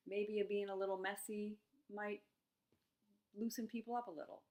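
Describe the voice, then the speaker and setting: A middle-aged woman coaching on eating struggles in a gentle, musing self-help talk, with soft laughs between thoughts. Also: mid-range voice, expressive, normal speed.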